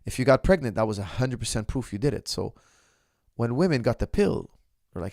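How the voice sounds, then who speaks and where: A man's voice: mid-range voice, sing-song, brisk, creaky, darkish tone, no echo, studio quality. A middle-aged man, a martial arts coach, talking casually and bluntly to his viewers, calling them "guys" and often restarting his sentences.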